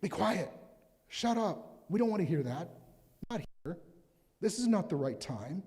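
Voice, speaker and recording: Man playing jeering crowd of onlookers, high excited mock-urgent tone, mellow voice, long reverb. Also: a little slow, heavily acted. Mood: dismissive. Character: jeering crowd of onlookers, hushing then fawning.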